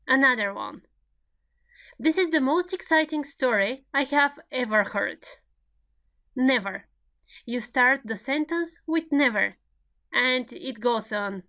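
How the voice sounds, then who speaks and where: A woman giving a recorded grammar lecture, speaking slowly and deliberately as she works through each example. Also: on the high side, expressive, a bit bright. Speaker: grammar teacher.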